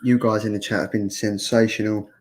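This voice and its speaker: Man, comics show host, deep-ish voice, self-mocking jokes, rambling casual chat. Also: level tone, fairly quick. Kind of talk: casual live-stream chat.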